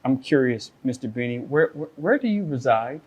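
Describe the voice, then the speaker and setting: A man's voice: mid-range voice, animated, moderate pace, slightly rough, highs cut off. A man serving as a judge, asking probing and skeptical questions.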